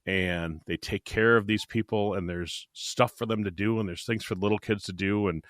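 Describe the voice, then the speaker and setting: An older man co-hosting a podcast, talking in a casual, halting way and stumbling over repeated words as he gets emotional. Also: on the low side, steady tone, a bit bright, dry recording, studio quality. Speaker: podcast co-host.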